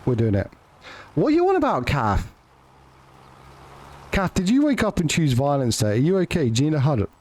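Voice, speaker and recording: Lively, sweary gaming streamer guy. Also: medium pitch, moderate pace, pauses often. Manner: joking, sweary, rambling with restarts. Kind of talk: casual live-stream chat.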